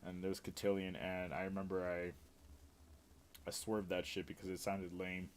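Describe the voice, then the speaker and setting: A man's voice: low-pitched, monotone, moderate pace, a little hiss or hum. A man live streaming, telling rambling, profane stories in casual chat.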